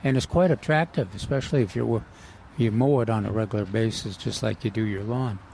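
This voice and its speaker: Gravelly man chatting about gardening. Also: on the low side, darkish tone. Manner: halting, many fillers and restarts. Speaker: gardening show co-host. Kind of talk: casual radio gardening chat. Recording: outdoor nursery with faint noise.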